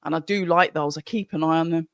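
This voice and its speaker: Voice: medium pitch, steady tone, fast, a bit bright, dry recording, clean studio sound. Chatty streamer with a Birmingham accent. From Birmingham, England. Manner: chatty and rambling, with frequent restarts. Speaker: live-stream host of a boxing watch-along. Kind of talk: casual live-stream commentary, reading out chat.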